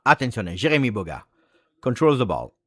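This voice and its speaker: A man hosting a live watch-along, reacting to a football match and swinging between low muttering and excited shouts. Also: a little fast, no echo. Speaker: fan host.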